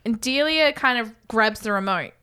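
A woman, co-hosting a casual chat and recapping a film scene by scene, animated and swearing freely. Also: a little high, moderate pace, clear, resonant tone. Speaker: podcast co-host.

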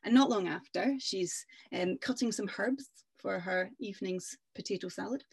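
A woman's voice: mid-range voice, normal speed, vocal fry, husky. Woman telling a folk tale. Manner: lively, conversational, with some hesitations. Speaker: storyteller. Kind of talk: oral storytelling.

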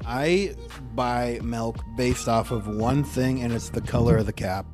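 Young male co-host, dry deadpan delivery, faint music under. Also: medium pitch, unhurried. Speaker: podcast co-host. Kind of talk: casual chat.

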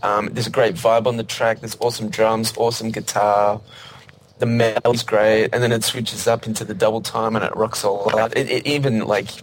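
A man in a casual music review chat, talking in a relaxed, measured way with many fillers. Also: fairly low pitch, a little hiss or hum. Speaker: podcast co-host.

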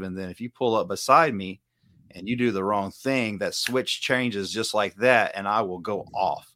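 A middle-aged martial arts instructor from the Southern United States chats on a casual podcast, rambling earnestly and correcting himself as he goes. His voice is on the low side and fairly bright, at normal speed, captured in a dry, clean studio recording.

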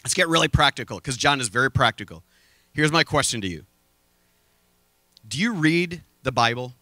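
A man preaching a sermon from a stage, telling a story with lively, acted-out quotes. He says he is sweating up here. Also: mid-range voice, normal speed, no room sound. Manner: animated storytelling, acting out quoted voices. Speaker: pastor. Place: stage before a congregation.

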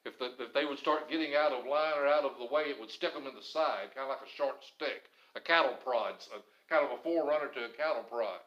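A man preaching a sermon as pastor, stressing some phrases loudly and dropping others low and quiet. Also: fast talker, few pauses, roomy sound, muffled recording. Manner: emphatic, swings between loud stresses and low quiet phrases.

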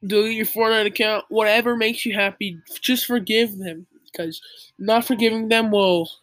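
An earnest young speaker lectures the listener in a casual, preachy monologue. The talk is informal and full of "like" fillers, at a middling pitch. The sound is dry and close. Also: fairly even intonation, moderate pace, fairly bright tone, dry recording. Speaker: young believer giving religious advice.

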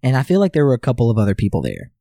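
A young man with a mellow, warm voice at a middle pitch, telling a slow, deliberate story in casual chat. His voice sounds dry and close to the mic. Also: wildly swooping pitch, gravelly, dry recording. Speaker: podcast co-host.

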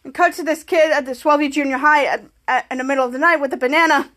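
A woman with a high voice recaps a TV episode for her podcast in a casual way. She walks through each scene in turn, stringing it together with repeated "cut to" transitions. She also reads the characters' lines out as she goes. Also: steady tone, fast talker, fairly bright tone. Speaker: podcast host.

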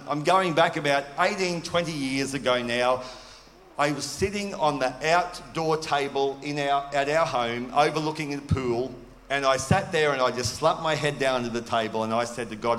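A man's voice: medium pitch, moderate pace, fairly bright tone, a little hiss or hum. A man preaching a sermon in an earnest, conversational way, asking his listeners questions. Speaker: pastor. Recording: long hall reverb.

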